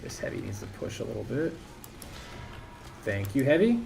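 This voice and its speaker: A man's voice: mid-range voice, big pitch swings, moderate pace, vocal fry, background noise. A man commentating casually while streaming a shooter game, rambling and joking at his own play. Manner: rambling, self-deprecating, talks over the action. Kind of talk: live gameplay commentary.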